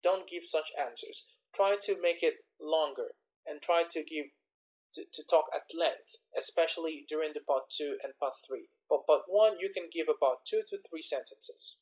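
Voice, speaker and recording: Man tutoring slowly with lively pitch. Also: low-quality recording. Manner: explains slowly, repeating example words with stress. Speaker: English exam tutor. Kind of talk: instructional lesson.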